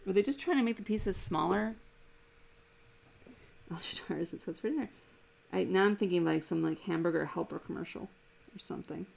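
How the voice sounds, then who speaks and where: Low, gravelly-voiced woman chatting while drawing. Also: moderate pace, long pauses, darkish tone, poor audio. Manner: chatty and amused, laughs often, rambles between thoughts. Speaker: live-drawing cartoonist and streamer. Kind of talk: casual chat while drawing live. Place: home desk.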